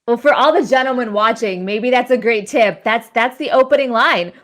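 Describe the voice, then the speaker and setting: A woman hosting a charity livestream and interviewing a guest, effusive and gushing, quick to laugh. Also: fairly high pitch, fairly bright tone, a little hiss or hum. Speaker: host.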